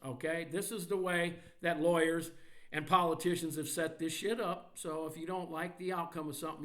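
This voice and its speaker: This podcast host is a man with a voice on the high side and a fairly bright tone. He rants about sports angrily and mockingly, swearing heavily throughout.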